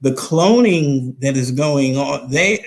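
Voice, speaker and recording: A man's voice: mid-range voice, lively intonation, slow pace. A middle-aged man, a pastor, talking in a fervent, preacherly way on a live stream and repeating phrases for emphasis.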